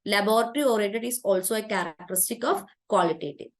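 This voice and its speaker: A woman of ordinary pitch teaches a live online exam-prep class. She reads out past questions, repeats them patiently and fills pauses with "uh" and "okay" while waiting for replies.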